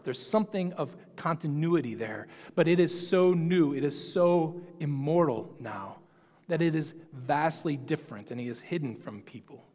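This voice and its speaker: Man, pastor, conversational sermon, fairly high voice, long reverb. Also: a little mellow. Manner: conversational, explanatory, musing aloud.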